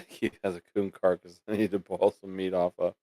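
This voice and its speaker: A man's voice: deep voice, level tone, normal speed, warm tone, dry recording, studio quality. A man co-hosting a live stream, making wry, exasperated asides and reading out viewer comments. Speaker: podcast co-host reading chat. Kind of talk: casual chat on a live stream.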